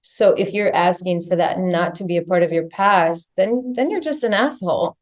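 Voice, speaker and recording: A woman's voice: fairly low pitch, moderate pace. A woman co-hosting a podcast, speaking directly and with blunt swearing. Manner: direct, profane, challenging. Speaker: podcast co-host. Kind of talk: candid podcast conversation.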